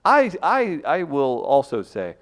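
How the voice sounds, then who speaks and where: Brief: male podcast co-host, higher voice with a lot of pitch movement, rambling and chuckling. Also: huge pitch swings, slow pace. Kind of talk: comedic podcast banter.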